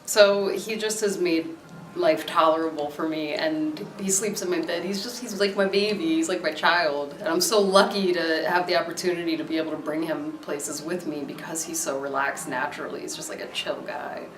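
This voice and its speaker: A woman's voice: low voice, fairly even intonation, normal speed, a little hiss or hum. A young adult woman from Maryland, talking casually in a documentary interview with lots of fillers and easy laughter. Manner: casual, chatty, many fillers, laughs easily. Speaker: interviewee, dog owner. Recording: echoey room.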